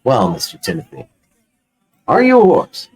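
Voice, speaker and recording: A man's voice: medium pitch, huge pitch swings, moderate pace, rough recording. A man voicing a smug, washed-up male clown comedian who teases with mock-friendly questions in a tabletop game.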